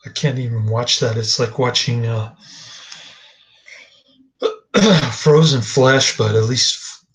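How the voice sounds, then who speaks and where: A man's voice: mid-range voice, slow, fairly bright tone, low-quality recording. A man giving a casual, rambling movie review, hesitant with many fillers and restarts, dry and dismissive.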